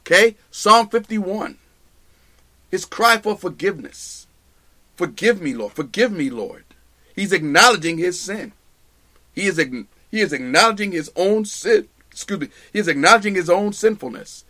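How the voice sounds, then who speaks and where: High, bright-voiced male preacher. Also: normal speed. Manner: emphatic, repeats phrases for stress. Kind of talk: sermon.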